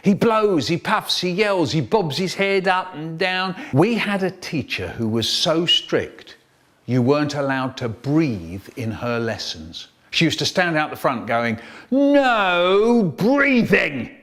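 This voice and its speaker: A man reading and performing comic children's poems in an expressive, playful storytelling manner. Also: measured pace. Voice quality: expressive, big swoops in pitch, playful. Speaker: children's poet reading aloud.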